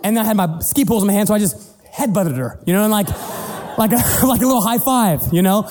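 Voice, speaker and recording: A middle-aged man preaching as a pastor, telling a family story in an animated, playful way and acting out the voices. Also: sits high, quick pace, noisy background. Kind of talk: sermon storytelling. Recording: long hall reverb with faint music.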